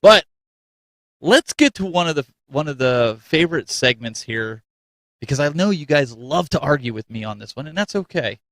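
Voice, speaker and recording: A man hosting a live show in casual chat. He is animated and self-mocking, laughs often, and says he is coming down with a cold. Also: on the high side, normal speed, dry recording. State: getting a cold. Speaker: show host.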